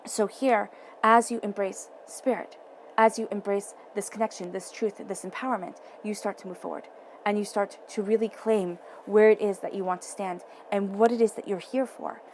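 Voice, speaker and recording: Talking to her viewers at a moderate pace, a tarot reader uses a mid-range voice with fairly even intonation. She's emphatic and repetitive with key phrases, and a little hiss or hum can be heard.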